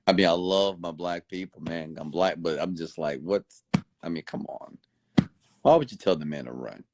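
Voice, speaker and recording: A man delivering a late-night motivational rant, preachy and repetitive, now and then jumping high to mimic other people. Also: moderate pace, pauses often, dry recording. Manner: animated, mimics other people with sudden high-pitched outbursts; preachy, repeats phrases for emphasis. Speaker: motivational host. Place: Houston.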